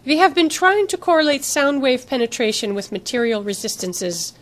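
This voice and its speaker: A woman voicing a cool, controlling female research director with a put-on accent and a crisp, condescending manner. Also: sits high, normal speed, pitched above the performer's own voice, close to an everyday voice. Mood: coolly formal.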